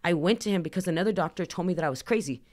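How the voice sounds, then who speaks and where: A woman's voice: lowish voice, very fast, a little mellow. A woman in her thirties, a podcast guest, telling her personal story candidly in a chatty way, full of "like" and acted-out dialogue. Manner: chatty, heavy use of "like", acts out dialogue.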